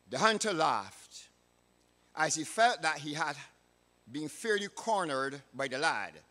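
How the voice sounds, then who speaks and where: A man with a Barbadian accent, a church elder, preaching a sermon in a measured, emphatic way. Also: a little high, lively intonation, pushed and bright. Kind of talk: sermon with a read-aloud story. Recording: reverberant hall.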